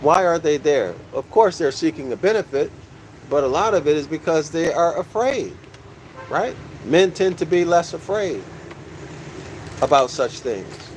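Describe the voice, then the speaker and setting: Male lecturer, slightly raised pitch, very slow and deliberate delivery, faint hiss behind. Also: lively intonation, rough recording. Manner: repeats key phrases, asks the audience questions; says "y'all" to listeners. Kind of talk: slow teaching lecture reading from a book.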